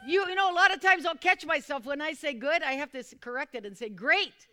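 A woman preaching a sermon to a small group, repeating phrases and calling for responses, sometimes bursting into loud, fervent exclamations. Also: high voice, expressive, quick pace. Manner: repetitive, calls for responses from listeners.

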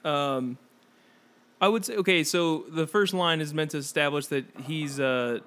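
A man's voice: a little high, measured pace, a bit bright, a little hiss or hum. Rambling man reviewing a bad movie. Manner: rambling, hesitant with fillers. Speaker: podcast co-host. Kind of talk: casual chat reviewing a movie.

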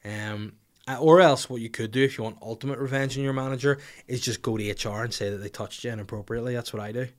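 A man's voice: medium pitch, quick pace. A young man hosting a comedy podcast, swearing freely and acting out little scenes as he rants. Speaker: podcast host.

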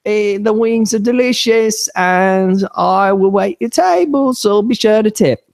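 Brash chavvy woman, pitched up and crude, a man hamming it up. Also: a little slow, vocal fry. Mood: mocking. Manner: jokey, crude put-on.

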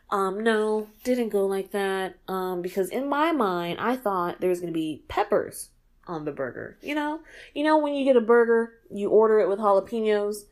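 A young woman from New York hosting her podcast in a casual monologue, animated and profane, laughing often. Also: medium pitch, moderate pace. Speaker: podcast host.

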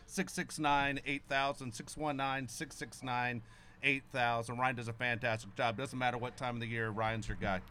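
A man co-hosting a live talk show, telling a story quickly and with energy. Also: mid-range voice, a little hiss or hum. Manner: fast, lively storyteller. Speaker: radio show co-host. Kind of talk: casual chat.

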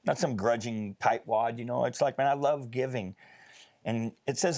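Animated storytelling man, faith talk. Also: medium pitch, moderate pace. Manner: storytelling, animated, conversational with frequent fillers. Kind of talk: casual faith discussion.

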